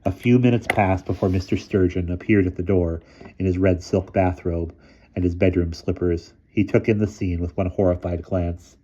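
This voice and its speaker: A man reading a children's novel aloud in a calm, measured storytelling voice. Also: sits low. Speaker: reader. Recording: dull lo-fi sound.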